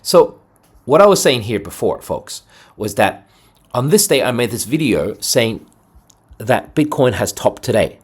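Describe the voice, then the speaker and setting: Guy doing crypto chart talk, kinda husky, pumped up, keeps saying boom and right. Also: measured pace. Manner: energetic, salesy, lots of "right?" and "boom". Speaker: crypto trading video host. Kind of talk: casual market commentary over charts.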